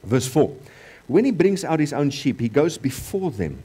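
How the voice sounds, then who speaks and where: A pastor with a South African accent preaches a sermon in church, repeating key phrases and moving between loud emphasis and quieter passages. His husky voice is a little high, with big pitch swings and a moderate pace.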